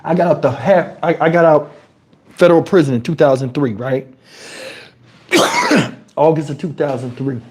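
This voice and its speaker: A man from New Jersey telling casual stories on his livestream in crude street slang, animated and jumping into high, shouted tones as he retells them. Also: moderate pace, pauses often. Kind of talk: casual storytelling. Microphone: wireless lapel mic.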